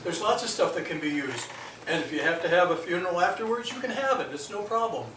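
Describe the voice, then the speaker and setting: A man's voice: sits high, animated, fast talker, fairly bright tone, a little hiss or hum. A middle-aged man giving an earnest talk to an audience in a hospital meeting room, stumbling over fillers now and then. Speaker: liver transplant recipient giving a talk. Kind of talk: presentation to an audience. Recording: echoey room, mic from a distance.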